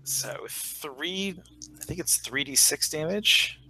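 A man's voice: fairly high pitch, slow pace, vocal fry, pushed and bright. A man playing a tabletop game, joking playfully and laughing. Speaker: player. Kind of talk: casual tabletop play.

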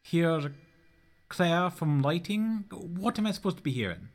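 An actor plays a chatty makeup artist with a mid-pitched, lively voice. He gossips easily. Faint music plays behind. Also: a little slow. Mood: friendly.

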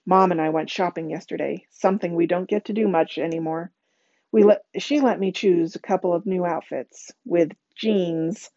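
A woman reading a novel aloud, expressive, with a lively rhythm in lists. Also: fairly low pitch, dry recording, dull audio. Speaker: reader.

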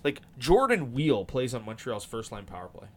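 Male podcast host, mid pitch, very expressive, casual and rambling. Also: normal speed, a little hiss or hum. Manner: animated, rambling, swears casually. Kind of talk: casual chat about hockey.

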